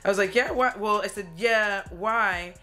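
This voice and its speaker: A woman's voice: medium pitch, fairly even intonation, unhurried, sharp tone. A woman chatting casually while doing her makeup, telling a story, swearing and laughing as she acts out what she said at the time. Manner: chatty, swearing, laughing often, acting out her own quotes. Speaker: beauty vlogger. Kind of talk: get-ready-with-me storytime chat.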